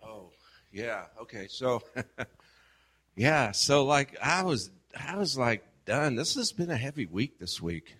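Husky man telling an animated story. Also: medium pitch, slow. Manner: animated storytelling, acts out quoted exchanges, trails off softly. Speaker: guest sharing a prayer experience. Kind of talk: casual testimony.

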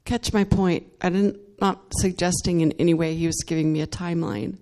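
A woman's voice: lowish voice, fairly even intonation, a little fast, warm tone. A woman giving an earnest, emotional testimony in worship, laughing between phrases and growing more fervent as she goes. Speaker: church member giving testimony.

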